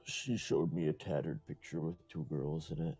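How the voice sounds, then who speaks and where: A man streaming, reading a visual novel aloud and chatting casually, laid-back and halting with many pauses. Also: a bass voice, steady tone, mellow, husky, faint music behind.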